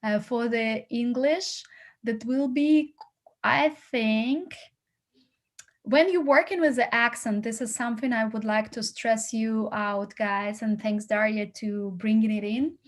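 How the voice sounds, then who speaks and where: A woman's voice: fairly high pitch, measured pace. A woman coaching actors, giving rambling, encouraging feedback full of fillers and restarts. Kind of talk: critique and advice to actors.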